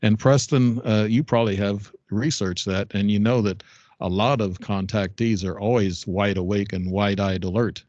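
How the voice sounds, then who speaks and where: A man's voice: on the low side, fairly even intonation, normal speed, darkish tone, dry recording, dull audio. A man hosting an interview show, rambling casually with plenty of fillers. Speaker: talk show host.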